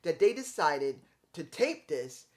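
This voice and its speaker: Male wrestling reviewer, slightly higher-pitched, casual and rambling, easily frustrated, stumbles over words. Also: big pitch swings, takes it slowly. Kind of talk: casual opinion commentary.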